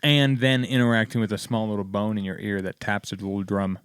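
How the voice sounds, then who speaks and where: A man's voice: on the low side, little pitch movement, fairly quick, clean tone, no room sound, clean studio sound. A man hosting a music production podcast, joking around and talking to listeners as "folks.". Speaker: podcast host. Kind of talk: casual podcast chat.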